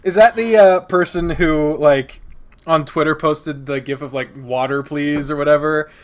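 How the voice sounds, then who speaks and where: A man's voice: a little high, fairly even intonation, unhurried. A man chatting casually as a podcast guest, rambling and swearing, laughing often. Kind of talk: casual chat.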